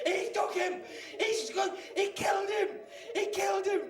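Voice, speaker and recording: A man voicing an angry, bitter trapped woman spirit who rants and shouts. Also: extremely high pitch, steady tone, a little slow, echoey room, distant mic. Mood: raging. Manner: shouting, hissing and ranting.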